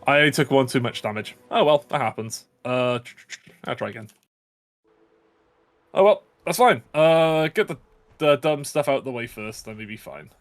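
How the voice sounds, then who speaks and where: A man's voice: mid-range voice, animated, moderate pace, pauses often. A man giving casual live commentary while speedrunning a game, jokey and upbeat. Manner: jokey, upbeat, self-aware.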